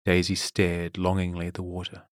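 Low-voiced male storyteller. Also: completely flat delivery, normal speed, no echo, studio quality. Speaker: narrator. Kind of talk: storybook reading.

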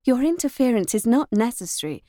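A woman's voice: on the high side, very animated, fairly quick, mellow, no room sound, studio quality, pitched above the performer's own voice. A woman reading the lines of a proud young governess, speaking demurely and coolly in a storybook reading. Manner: demure and cool.

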